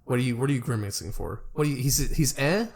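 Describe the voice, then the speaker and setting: Young man in relaxed, rambling sports chat. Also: medium pitch, quick pace. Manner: laid-back, rambling, fumbles names. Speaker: podcast co-host.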